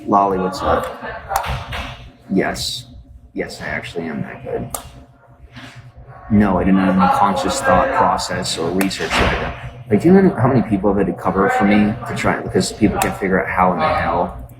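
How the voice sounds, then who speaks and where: A man's voice: low voice, normal speed, pauses often. A man hosting a casual livestream from his phone, rambling to his viewers with lots of fillers and asides. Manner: rambling, filler-heavy, repeats "just saying". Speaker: livestream host.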